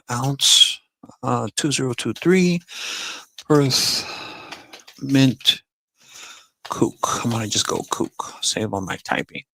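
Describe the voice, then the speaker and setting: Gravelly laid-back streamer man. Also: mid-range voice, no echo. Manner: laid-back, chatty, talks to chat as y'all and buddy. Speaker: live stream host. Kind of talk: casual live stream chat.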